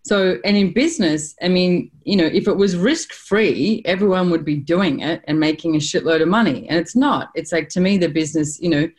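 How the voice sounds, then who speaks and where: A woman's voice: lowish voice, normal speed, hardly any pauses. An Australian woman hosting a podcast, chatting casually and telling stories with acted-out quotes. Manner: animated storyteller, laughs often, acts out quotes. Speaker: podcast host. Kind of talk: casual conversational interview.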